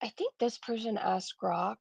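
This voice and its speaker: A woman's voice: mid-range voice, measured pace, vocal fry, husky, no room sound. A woman hosting a casual reaction commentary, sarcastic and blunt, who swears freely and laughs through her remarks. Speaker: reaction channel host.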